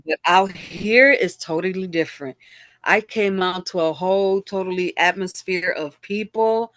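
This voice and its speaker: A middle-aged woman speaks as an interview guest, her voice sitting low for a woman. She tells her story candidly and animatedly, slipping into the voices of people she recalls. The sound is dry and close, with no room around it. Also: a little slow, no room sound. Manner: animated, acts out quoted exchanges.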